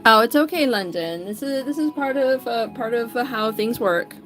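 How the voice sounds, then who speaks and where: Drawing live on stream, a female digital artist keeps up cheerful, casual chatter and calls out viewers by name. Her slightly high voice sounds animated and moves at a normal speed over soft background music.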